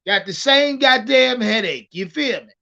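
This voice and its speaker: A man hosting a casual livestream about football, talking in an animated, profane way and repeating words as he starts his thoughts. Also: very high voice, measured pace, creaky, dull audio. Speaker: livestream sports host.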